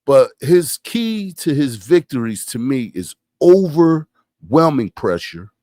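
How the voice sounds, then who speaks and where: A man's voice: mid-range voice, very animated, takes it slowly, warm tone, no echo, clean studio sound. A man hosting a podcast, giving casual boxing commentary with emphatic rhetorical questions and repeated phrases. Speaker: podcast host.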